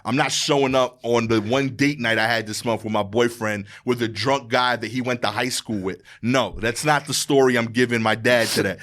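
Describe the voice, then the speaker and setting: A man's voice: fairly even intonation, normal speed, hardly any pauses. A man, a stand-up comedian telling a slangy story as a podcast guest, acting out the people in it. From Brooklyn, New York. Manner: slangy, acts out quoted exchanges, voice drops low and quiet near the end. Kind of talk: animated storytelling in casual chat.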